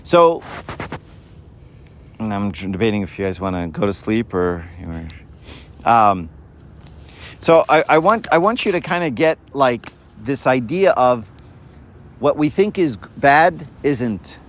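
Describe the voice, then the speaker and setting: A man's voice: mid-range voice, big pitch swings, measured pace, pauses often. A man giving an informal sermon to a group, talking in a conversational way, often checking in with "right?" and acting out the voices in his stories. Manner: conversational, keeps asking "right?"; acts out quoted voices in a story.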